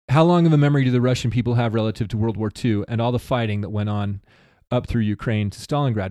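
A man's voice: fairly low pitch, dry recording, clean studio sound. A man hosting a podcast, talking casually and rambling a little, often stopping to correct himself. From United States. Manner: rambling, self-correcting, animated aside. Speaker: podcast host. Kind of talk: casual chat.

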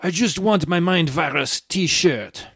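A man's voice: fairly high pitch, slow pace, gravelly, fairly bright tone, breathy edge, no echo, clean studio sound, voice pushed up, exaggerated voice. A man reading out a listener's comment as an indignant Frenchman, in a put-on French accent. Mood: mock indignant. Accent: mock French. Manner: theatrical, complaining.

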